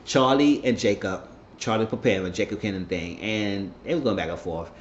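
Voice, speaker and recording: A man's voice: on the low side, fairly quick, a little hiss or hum. A man casually recapping a TV episode, rambling with loose slang and some profanity. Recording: roomy, slightly muffled home recording.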